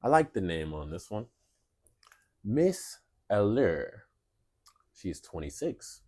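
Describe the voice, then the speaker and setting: Sarcastic man with a lively, low voice. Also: slow pace, slightly rough. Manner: sarcastic, mock-reading dating profiles. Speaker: podcast co-host. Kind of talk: casual comedy chat.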